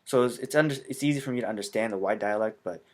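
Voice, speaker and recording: A man whose first language is Hmong, explaining in a casual, halting way with frequent filler sounds. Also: fairly low pitch, darkish tone.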